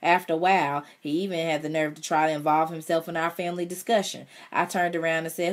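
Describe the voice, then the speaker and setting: A woman reading a novel aloud in the first person, with expressive delivery and dialogue voiced in a higher tone. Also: fast, hardly any pauses. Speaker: audiobook reader.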